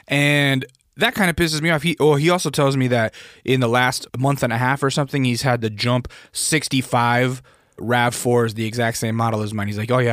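A man's voice: mid-range voice, no echo, studio quality. Profane, exasperated young man ranting. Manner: profane, exasperated, rising to shouted outbursts when quoting himself. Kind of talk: casual storytelling rant.

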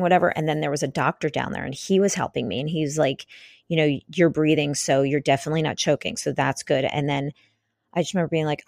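A woman's voice: low-pitched, fast, no room sound, studio quality. A woman in her thirties hosting a casual solo podcast, telling a personal story in a chatty way, with many fillers and restarts. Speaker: podcast host.

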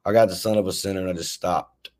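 A podcast guest, the Memphis, Tennessee rapper talks quickly in a low-pitched, steady, slightly mellow voice. In casual storytelling mode, he rambles through long anecdotes, swearing heavily and frequently starting over.

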